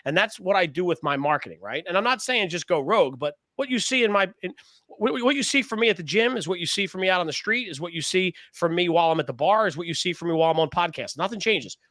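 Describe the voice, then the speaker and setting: A man tells animated, swear-laced stories on a podcast. His voice is fairly high and swings widely in pitch. The tone is bright and forceful, and the sound is close and dry. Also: quick pace, no room sound. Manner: animated storyteller, swears freely, laughs often. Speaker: podcast co-host. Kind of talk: casual round-table chat.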